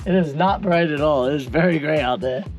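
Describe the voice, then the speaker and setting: A man in his thirties chatting in a relaxed, joking way in a casual travel vlog. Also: fairly high pitch, brisk, faint music behind. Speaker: travel vlogger.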